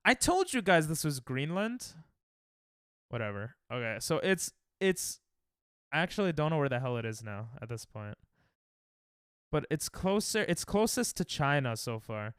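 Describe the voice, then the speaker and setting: A man's voice: fairly high pitch, sing-song, moderate pace, fairly bright tone, smooth, dry recording, studio quality. Joking young American man streaming games. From United States. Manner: joking, trash-talking chat, thinking aloud. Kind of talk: casual live-stream chatter while playing.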